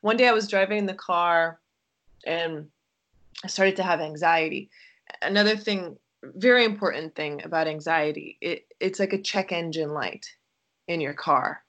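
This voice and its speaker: A woman with a slightly low voice speaks as a podcast guest. She is gentle and reflective, and she often pauses and hesitates as she works out her thoughts.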